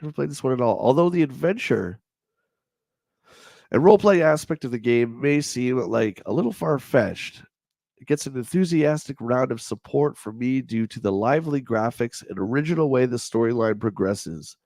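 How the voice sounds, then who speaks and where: Nasal, congested male host, chatty and jokey, reads reviews then wanders off-script; dry close mic, mid-pitched. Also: animated, normal speed, a little mellow, dry recording. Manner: rambling, jokey, reads then riffs on the text. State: stuffed-up nasal voice. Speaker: livestream host reading an old gaming magazine. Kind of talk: casual chat, reading reviews aloud.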